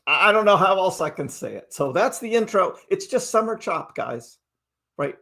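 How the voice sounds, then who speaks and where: High-voiced chatty man hosting a livestream. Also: sing-song, moderate pace, vocal fry, pushed and bright. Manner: chatty, keeps asking "right?". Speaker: crypto livestream host. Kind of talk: casual livestream talk.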